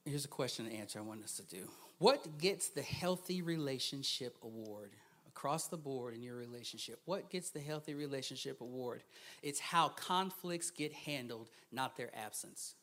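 A man preaching a sermon as a guest speaker, swinging between hushed asides and loud, emphatic bursts and laughing often. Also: mid-range voice, lively intonation, normal speed.

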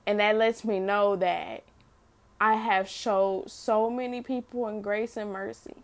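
A middle-aged woman with a gravelly, fry-laced voice speaks straight to her listeners in an unscripted faith testimony. She is earnest and personal, circling back over her words and restarting phrases as she goes. Her pitch sits in the middle range. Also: steady tone, a little slow. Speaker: mother sharing a faith message.

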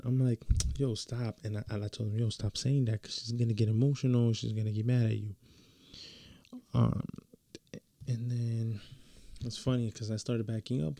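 A man's voice: lowish voice, vocal fry, warm tone, dry recording. A young man telling a story in a casual, slangy way, full of fillers and restarts.

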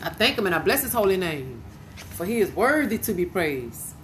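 A woman's voice: fairly low pitch, very animated, moderate pace, fairly bright tone, low-quality recording. Woman preaching on her podcast, fervent, keeps repeating praise, bit of background hiss. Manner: fervent, repetitive praise, emotional. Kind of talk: informal podcast sermon.

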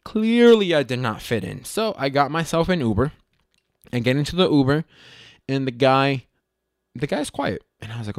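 A man casually telling a funny story, animated and self-mocking, swearing freely and often restarting his sentences. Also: medium pitch, brisk, dry recording, clean studio sound.

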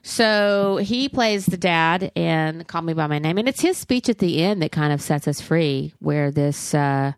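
A middle-aged woman with a low, gravelly voice talks in candid, profane, rambling chat about films. Her voice sits dry and close to the mic, with no room around it. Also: animated, measured pace, few pauses, dry recording. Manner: candid, profane and chatty with frequent restarts. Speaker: podcast co-host reviewing films. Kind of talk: casual chat.

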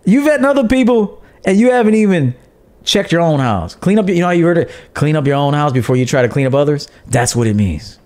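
A man's voice: on the high side, big pitch swings, fast, a little mellow. A man hosting a livestream dating-advice show in a brash, profane, joking manner, reading out viewer donations. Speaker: podcast host and dating coach. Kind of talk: casual livestream monologue.

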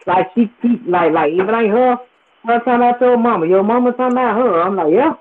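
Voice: mid-range voice, quick pace, noisy background. Host from with a drawl, swears a lot and repeats themselves, mid-range voice, audio thin like a phone line. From Memphis, Tennessee. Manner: profane, emphatic, repetitive. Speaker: podcast host. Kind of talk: casual storytelling rant.

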